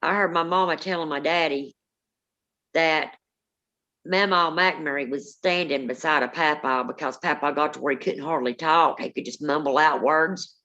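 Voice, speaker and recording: A woman's voice: low voice, normal speed, pushed and bright, highs cut off. A woman, co-hosting a paranormal live stream, telling rambling family stories with many restarts. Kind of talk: casual live-stream storytelling.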